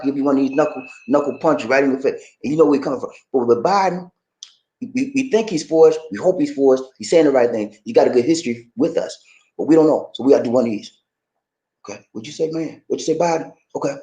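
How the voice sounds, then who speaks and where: A man hosting a casual live-stream show and reading out viewer comments. He is chatty and says "man" often, and he jumps from excited high bursts to low, serious talk.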